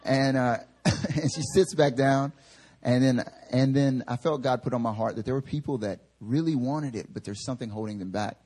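A man's voice: medium pitch, normal speed. A male pastor preaching a sermon in a casual, story-driven way, often acting out the people in his stories. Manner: animated storyteller acting out quotes; casual filler-heavy delivery. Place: church service.

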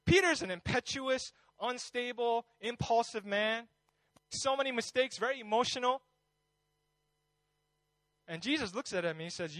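A male pastor preaching in a relaxed, conversational way, with a high-pitched voice. He tells stories with animated energy. The sound is dry and close, with no room around it. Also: no room sound, poor audio. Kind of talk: sermon.

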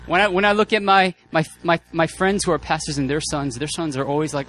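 A man's voice: on the high side, brisk, few pauses, soft background music. Casual joking male preacher. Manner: casual, joking, animated storytelling with many fillers. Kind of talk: sermon with personal anecdotes.

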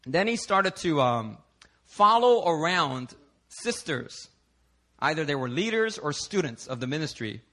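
Male pastor from Philadelphia, slightly high and bright tone, casual storytelling sermon that swings between quiet and loud. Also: measured pace. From Philadelphia, United States. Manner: animated, conversational, swings from hushed to loud while telling stories. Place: church service.

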